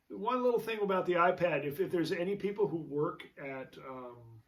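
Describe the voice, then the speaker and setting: A man's voice: high voice, expressive, normal speed, few pauses, distant mic. A man hosting his own show, telling a rambling story in a casual, chatty way with many fillers and restarts. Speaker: show host, jazz guitarist.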